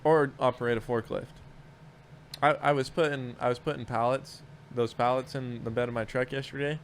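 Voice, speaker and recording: A man's voice: medium pitch, steady tone, normal speed. Guy rambling thru work stories, swears a lot, bit of hiss behind. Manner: profane, rambling storyteller with many restarts. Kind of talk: casual chat.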